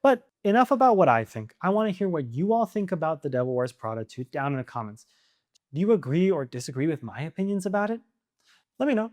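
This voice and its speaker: A man hosting his own channel, giving casual opinion commentary to camera, animated and firing off exasperated rhetorical questions. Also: a little high, fast talker. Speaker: video essay host.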